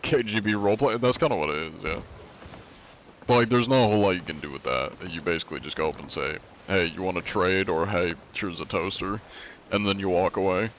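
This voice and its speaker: Low-voiced man rambling on a stream. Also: fast talker, fairly bright tone, slight background noise. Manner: rambling, many filler likes. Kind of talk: casual live-stream commentary.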